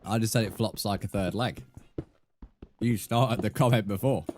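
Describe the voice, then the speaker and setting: A man's voice: fairly low pitch, moderate pace, darkish tone, slight background noise. A young British man chatting casually with viewers on a live gaming stream, bantering and calling people mate. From Britain. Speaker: livestream gamer.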